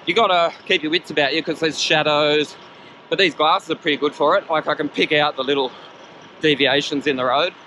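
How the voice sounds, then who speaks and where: With a fairly high, steady and bright voice, an Australian cyclist talks briskly and forcefully while riding through a national park. He vlogs with jokey, upbeat chatter to the camera, peppered with local slang. Background music plays over a little hiss or hum.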